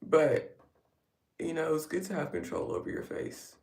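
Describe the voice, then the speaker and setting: A woman vlogger streams live as she gets ready at home, rambling casually over her makeup with wry asides. Her low-pitched voice is gravelly and a little mellow, with big pitch swings at a moderate pace. Recorded from a distance, the sound is roomy, with a little hiss or hum.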